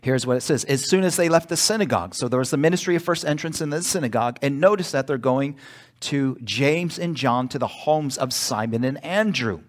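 A man's voice: medium pitch, fairly quick. Man, pastor, emphatic sermon, call-and-response asides, church.

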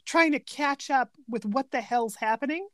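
A woman co-hosting a casual podcast chat, telling film scenes in a lively, eager way. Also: high-pitched, normal speed, dry recording. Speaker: podcast co-host.

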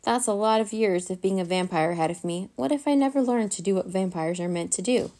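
A woman's voice: medium pitch, fairly quick, mellow, close to an everyday voice. A woman voicing a timid, gloomy nine-year-old boy vampire who whines and hesitates. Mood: glum.

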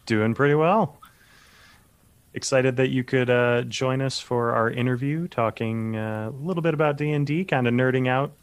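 A man's voice: medium pitch, normal speed, clear, resonant tone, dry recording. A man co-hosting a podcast, chatting casually and easily with some nerdy enthusiasm. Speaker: podcast co-host. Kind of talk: casual chat.

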